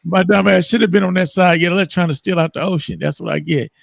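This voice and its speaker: A man spins a story on a morning talk show, his voice sitting a bit high. He talks loose and profane, breaking into loud laughs. The sound is close and dry, with no room echo. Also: steady tone, quick pace, vocal fry. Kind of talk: casual chat.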